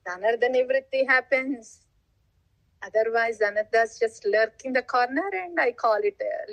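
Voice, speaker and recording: A woman's voice: fairly high pitch, no room sound, low-quality recording. A woman giving a devotional talk as a spiritual teacher, laughing often and asking rhetorical questions. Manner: laughs often, acts out listeners' replies; unhurried, asks rhetorical questions.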